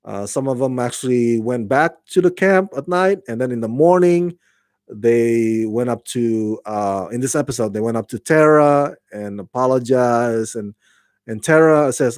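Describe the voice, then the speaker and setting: A man talks through a TV episode review in a loose, halting way, with many fillers and false starts. His voice sits at a middle pitch. The sound is dry and close, with no room echo. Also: expressive, a little mellow. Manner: acts out quoted lines in a raised voice. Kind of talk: casual spoken review.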